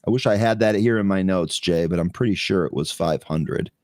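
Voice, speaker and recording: On his live pre-market trading show, a man chats and laughs while reading headlines aloud and going over stock charts. His low voice is a little mellow and moves a little fast.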